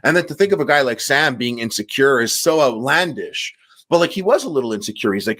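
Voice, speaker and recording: A man with a mid-pitched, ordinary voice talks loosely on a podcast. He wanders through his thoughts and leans on "like" again and again. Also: lively intonation, brisk, a bit bright. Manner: rambling, heavy use of "like" fillers. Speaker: podcast co-host. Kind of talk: casual podcast chat.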